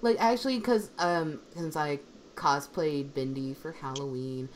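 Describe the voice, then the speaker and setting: On a livestream with her fellow dubbers, this low-voiced woman speaks at a measured pace from home over an online call. She's a dub group member who rambles chattily, her talk full of "I'm like," and the audio has a slight hiss or hum.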